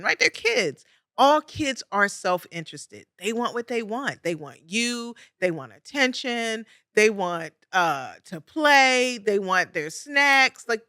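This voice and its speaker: Bright-voiced woman podcast host. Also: mid-range voice, no echo, clean studio sound. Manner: warm, laughing, emphatic repetition. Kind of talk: conversational coaching monologue.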